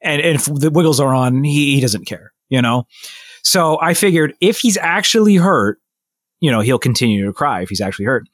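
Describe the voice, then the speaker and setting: A man at an average pitch rambles through a family story on a chatty podcast, stopping and restarting as he acts out what everyone said. The recording is close and dry, with no room sound. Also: moderate pace, dry recording. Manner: rambling, animated retelling with many restarts and quoted voices. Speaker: podcast co-host. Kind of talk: casual storytelling chat.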